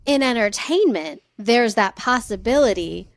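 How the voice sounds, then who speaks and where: Young woman co-host, relaxed storyteller with fillers, slightly high, dry. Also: a little slow, no echo. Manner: relaxed, hesitant, many fillers. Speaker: podcast co-host. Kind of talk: casual chat and storytelling.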